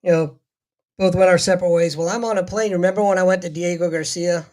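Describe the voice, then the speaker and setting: A man's voice: sits high, steady tone, quick pace, a little mellow. A man in casual podcast chat, talking bluntly and swearing casually. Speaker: podcast co-host.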